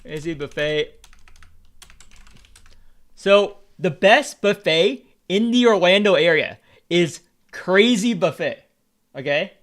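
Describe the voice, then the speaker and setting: A man's voice: high-pitched, lively intonation, slow pace, long pauses, a bit bright. A Vietnamese American man streaming, rambling in casual chat, repeating words and swearing freely as he talks. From United States.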